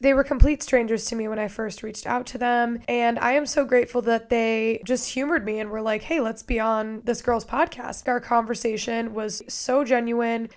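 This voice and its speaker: A woman with a hoarse, raspy voice introduces her podcast episode in a casual, chatty way. Her pitch sits fairly high despite the rasp, and she speaks with an upbeat, gushing warmth about the guests to come. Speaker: podcast host.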